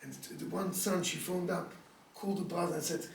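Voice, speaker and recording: A man's voice: fairly high pitch, steady tone, brisk, gravelly, slight background noise. A man, a rabbi, telling a story in a sermon in an earnest, pleading way and repeating his points to drive them home. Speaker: rabbi giving a talk. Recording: echoey room, speaker far from the mic.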